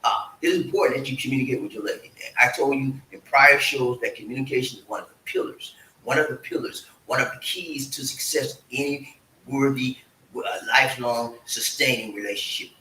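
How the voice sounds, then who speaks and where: Lively bright-voiced man hosting a livestream. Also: mid-range voice, a little fast. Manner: lively, folksy, calls for audience response. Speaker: show host. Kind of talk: casual livestream talk. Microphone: streaming setup. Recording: echoey room, mic at a distance, faint hiss.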